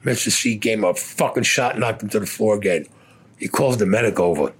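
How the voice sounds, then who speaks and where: A man's voice: on the low side, a little fast, slightly rough. An older man, a war veteran, telling a story in an interview in a blunt, profane way, cursing constantly.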